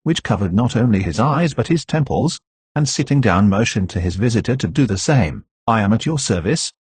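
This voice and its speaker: A man narrating a classic novel as an audiobook in a steady, even reading. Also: on the low side, fairly quick, husky, no echo.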